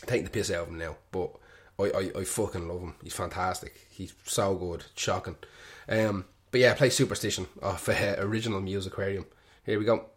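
Swearing Irish radio host, lowish voice. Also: male voice, steady tone, fairly quick, few pauses. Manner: swears freely, joking and irreverent. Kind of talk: casual rambling monologue.

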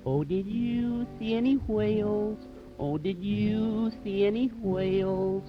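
Woman singing a whiny young maiden, slow, dull old record, band playing. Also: mid-range voice, loud music behind the voice, close to an everyday voice. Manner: whiny, pleading, sung. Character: pleading fair young maiden, female. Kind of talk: comic sung ballad.

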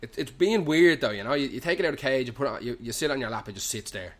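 This young podcast host talks very fast with lively intonation in a mid-range voice, recording from a pub. Irish-accented and full of Dublin slang, he loosely rambles through a comic anecdote, cursing heavily throughout.

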